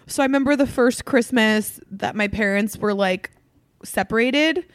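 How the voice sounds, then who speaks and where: A young woman in casual chat, chatty, reacting with quick asides and sharing her own stories. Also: a little high, dry recording, clean studio sound.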